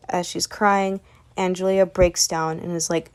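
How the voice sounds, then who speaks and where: A woman's voice: lowish voice, steady tone, normal speed, darkish tone, clear, resonant tone. A woman casually recapping a webcomic story in a rambling way, relaying each character with "and she's like.". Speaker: webcomic recap channel host.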